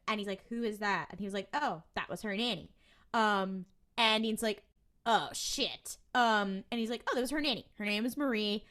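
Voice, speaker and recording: A woman co-hosting a podcast, recapping a TV episode in casual chat and acting out the characters' lines. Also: medium pitch. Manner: animated storytelling with quoted voices and laughs. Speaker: podcast co-host.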